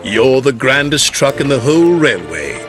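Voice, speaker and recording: A man's voice: medium pitch, lively intonation, a little slow, music in the background, close to an everyday voice. A man voicing a fond, stately railway boss in a storybook retelling.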